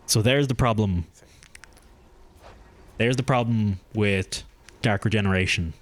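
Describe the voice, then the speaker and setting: A man streaming a game, chatting casually and thinking aloud as he plays, with his pitch jumping up when something surprises him. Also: measured pace. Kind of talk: casual gameplay commentary.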